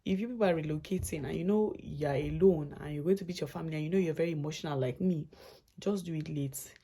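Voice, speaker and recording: A young woman vlogger tells a travel story quickly in a casual, chatty style, rambling, circling back and restarting as emotions surface. Her voice is low and husky, gravelly at the edges, with a warm, dark tone.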